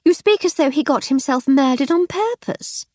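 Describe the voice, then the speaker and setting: A woman's voice: high-pitched, lively intonation, moderate pace, darkish tone, no room sound, studio quality, voice pushed up. A woman voicing a stern, disapproving genteel wife in an audiobook.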